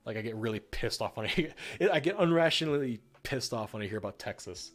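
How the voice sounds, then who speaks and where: A man's voice: mid-range voice, expressive, quick pace. A young man from the northern United States, chatting casually while he paints on a livestream, rambling and swearing freely with lots of fillers. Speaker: streamer. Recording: faint music behind.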